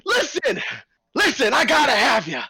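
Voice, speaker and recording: Pushy circus ringleader, high and bouncy, voiced by a man. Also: huge pitch swings, vocal fry, sharp tone, slightly rough, no echo, heavily acted, low-quality recording. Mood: eager. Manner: fast-talking, wheedling salesman patter. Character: pushy short fat male ringleader, eager showman.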